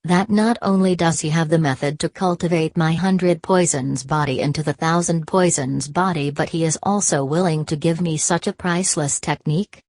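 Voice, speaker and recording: A woman's voice: low voice, normal speed, hardly any pauses, darkish tone, no room sound. A woman voicing a veiled young noblewoman in an audiobook, speaking with a trembling, astonished voice. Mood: shocked.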